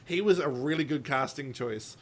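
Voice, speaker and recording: A man's voice: mid-range voice, moderate pace, slight background noise. A man co-hosting a podcast, casually recapping a story in a rambling, jokey way with lots of ums. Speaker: podcast co-host.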